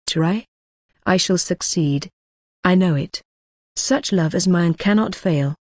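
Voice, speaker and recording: A woman's voice: lowish voice, takes it slowly, no echo, clean studio sound. A woman reading the lines of an ardent young man in love, effusive and poetic, in an audiobook.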